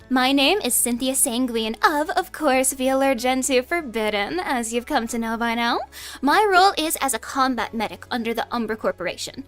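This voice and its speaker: A young woman streaming in character, teasing and bossy like a playful commanding officer. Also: high-pitched. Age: young adult. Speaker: VTuber streamer.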